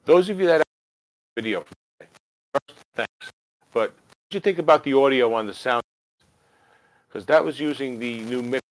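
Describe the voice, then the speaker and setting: A man's voice: medium pitch, moderate pace, long pauses, no echo. Brief: man, rambling livestream host, dry close mic. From New Jersey. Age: 50s. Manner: rambling and chatty, with many fillers and self-corrections. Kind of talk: casual livestream chat answering viewer comments.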